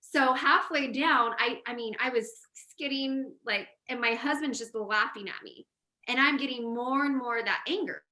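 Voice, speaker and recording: A woman hosting a podcast, telling a story in a casual, animated way and laughing often. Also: on the high side, moderate pace. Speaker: podcast host. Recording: roomy echo.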